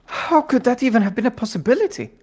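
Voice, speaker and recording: A woman's voice: a little high, sing-song, darkish tone. A woman voicing a flustered young male defense attorney in a game, startled and questioning. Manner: startled, questioning, quick to protest. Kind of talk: voicing a game's dialogue on stream.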